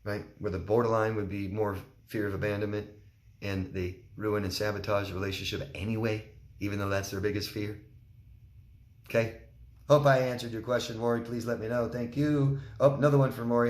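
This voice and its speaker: Man, low voice, coaching talk, candid and plain-spoken, roomy echo. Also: moderate pace. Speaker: relationship coach. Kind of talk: solo Q&A talk to camera.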